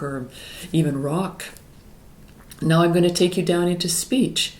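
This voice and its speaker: A middle-aged woman vocal coach explaining singing warm-ups in a calm, explanatory way. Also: low-pitched. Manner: calm, explanatory, breaks into sung exercises. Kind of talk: singing lesson with demonstrations. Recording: echoey room with piano. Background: piano.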